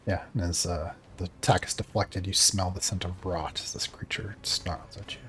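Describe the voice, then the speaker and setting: A man's voice: deep voice, fairly even intonation, normal speed, sharp tone, whispered, faint music behind. A man running a tabletop game as game master, narrating the fight in vivid, descriptive detail.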